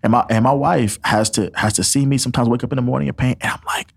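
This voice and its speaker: A man's voice: mid-range voice, fairly even intonation, fast talker, vocal fry, husky. A young man telling a personal faith testimony as a podcast guest, earnest and emotional, acting out what others said and often laughing. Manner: earnest storytelling, acts out quotes, laughs often.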